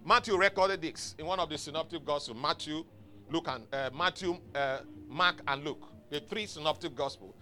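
The pastor urges his congregation on during his sermon, emphatic and exhorting, prompting them to call back. He speaks at a normal speed with a fairly high, sharp-toned voice while faint music plays outside.

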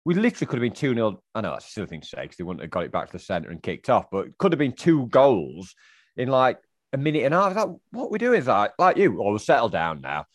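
A man co-hosting a football podcast, animated as he recounts the match. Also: medium pitch, fast, no echo, studio quality. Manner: animated, recounts match moments, mimics the crowd. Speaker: podcast co-host. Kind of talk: casual football chat.

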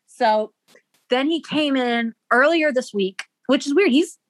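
Young woman, fairly high voice, bubbly and giggly, filler-heavy storytelling, dry close sound. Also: a little slow, no room sound. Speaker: podcast co-host. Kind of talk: casual storytelling chat.

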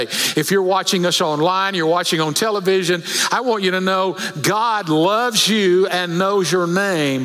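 Bright-voiced pastor in echoing hall. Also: male voice, on the high side. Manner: storytelling, slows for scripture. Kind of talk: sermon. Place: church sanctuary.

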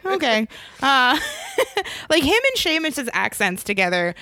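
Animated woman joking in casual chat. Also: sits high, dry recording. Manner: joking, animated, does quick silly voices. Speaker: podcast co-host.

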